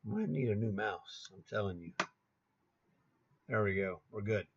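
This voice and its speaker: The chess coach, a man in his sixties, has a lowish, expressive voice and keeps a measured pace while teaching over a screen share. Casual and chatty, he names squares and grumbles occasionally; his laptop recording is muffled against a noisy background.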